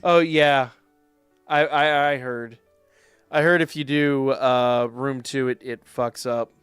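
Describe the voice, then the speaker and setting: A man's voice: medium pitch, steady tone, slow, a bit bright, clean tone, no room sound, faint music behind. A man streaming a game live, talking to chat in a loose, casual way and swearing and ranting whenever the game frustrates him. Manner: swears a lot, rants in frustration. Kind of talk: live gameplay stream commentary.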